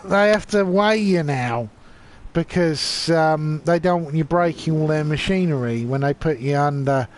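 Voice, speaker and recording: A high-pitched man with an English accent talks drunk, rambling from one point to the next and swearing hard as he rants. He is chatting casually on a live stream while gaming. Loud noise and passing vehicles sit under his voice. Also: measured pace. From England. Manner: rambling, profane ranting.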